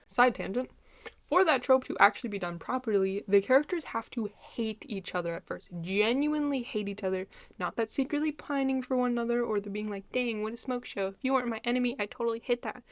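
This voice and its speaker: A woman giving a casual book review, summarizing the plot in a blunt, outspoken way and swearing freely. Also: medium pitch.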